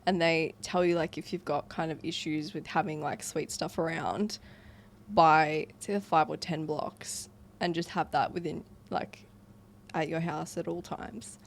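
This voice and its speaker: Gravelly-voiced Australian woman co-host. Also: sits low, measured pace, a little hiss or hum. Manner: relaxed, swears casually. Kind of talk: casual chat.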